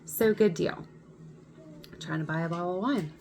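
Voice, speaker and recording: A woman vlogger telling a personal story in an animated, indignant way. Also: lowish voice, normal speed, a little hiss or hum. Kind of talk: storytime vlog.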